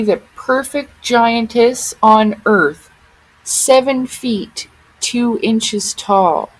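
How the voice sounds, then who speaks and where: A woman's voice: a little high, extremely slow, poor audio. A woman vlogger giving casual commentary on photos, often exclaiming in amazement.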